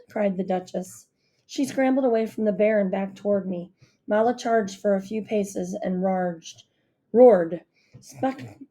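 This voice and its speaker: A woman reading a novel aloud as narrator in a steady storytelling manner. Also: medium pitch. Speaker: audiobook narrator. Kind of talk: scripted narration.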